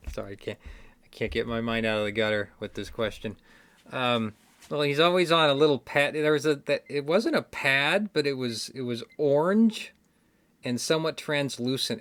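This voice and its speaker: Man, Midwestern accent, casual trivia host, rambling, self-correcting, mid pitch. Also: fairly bright tone. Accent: Midwestern American. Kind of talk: casual solo chat to camera. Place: indoors, card game stack behind him.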